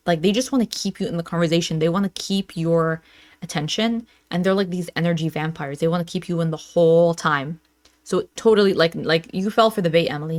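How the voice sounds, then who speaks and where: A woman giving animated, sarcastic reaction commentary while reading text messages aloud. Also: on the low side, no echo, studio quality. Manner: animated, sarcastic, reads texts aloud in mock voices.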